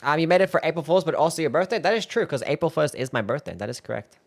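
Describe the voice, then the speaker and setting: A man's voice: fairly high pitch, expressive, racing, creaky. A young man streaming live, reacting to his own old videos, laughing, swearing and mocking himself.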